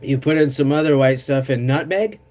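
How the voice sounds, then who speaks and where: A man's voice: medium pitch, normal speed, a little mellow. A man chatting casually on a live stream, rambling and swearing as he reads chat aloud, with bouts of coughing.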